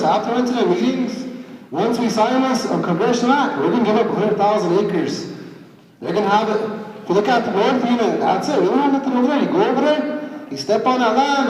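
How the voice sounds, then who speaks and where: A man's voice: high voice, darkish tone, a little hiss or hum. Man, tribal councilman, angry public speech, repeats words, long reverb, heard from afar. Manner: angry, blunt, repeats words when heated. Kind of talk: impassioned public speech at a meeting. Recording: echoey hall sound from far off.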